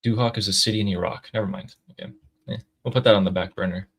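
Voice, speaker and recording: A man from the United States chats on a livestream with a relaxed, wry manner. His voice sits fairly low, and he talks things over at an easy, unhurried pace. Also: slightly rough. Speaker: livestream co-host. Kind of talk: casual livestream chat.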